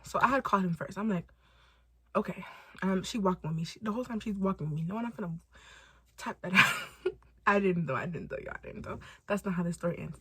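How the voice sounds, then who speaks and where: A young woman from Los Angeles telling a storytime vlog in casual, animated style, swearing freely and acting out quotes. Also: mid-range voice, fast, husky, dry recording. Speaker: storytime vlogger.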